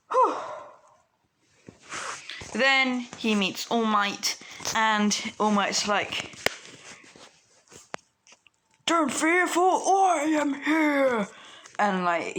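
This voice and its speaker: A young woman casually spins a fan story aloud, rambling with plenty of fillers. Her voice is bright and a bit sharp, at a middling pitch. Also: slight background noise. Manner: rambling, many fillers and laughs.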